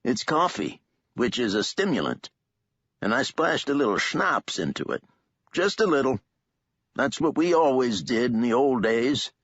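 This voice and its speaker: A chatty old man fusses over someone with a drawling, sing-song delivery, his voice climbing and dipping all over the place, as a male narrator puts him on. The tone is husky, and the audiobook recording sounds dull and dry. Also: medium pitch, sing-song, measured pace, fairly bright tone, no echo, voice pushed up, full character voice. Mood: friendly. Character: chatty kindly old man, folksy and fussing. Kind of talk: audiobook character voice.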